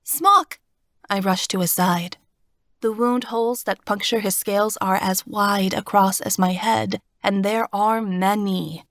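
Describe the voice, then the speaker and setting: A woman narrates a first-person fantasy audiobook in a steady, expressive storytelling voice of medium pitch, taking her time. It's recorded on a close studio mic with no echo.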